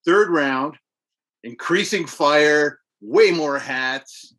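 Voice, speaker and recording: A man in casual chat, telling animated stories about video games and swearing freely. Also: on the high side, extremely slow.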